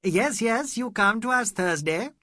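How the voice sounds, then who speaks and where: Storybook role: a man playing a jovial insistent gentleman, loud, raised pitch, husky. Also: expressive, normal speed, no echo, studio quality. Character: jovial, insistent Indian gentleman, laughing host.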